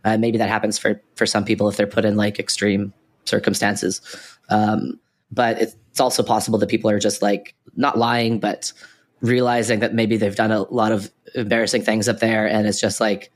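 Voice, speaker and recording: With a lowish voice, a level tone, and a moderate pace, a man co-hosts a podcast. He explains topics loosely and rambles, filling his speech with "like" and frequent restarts.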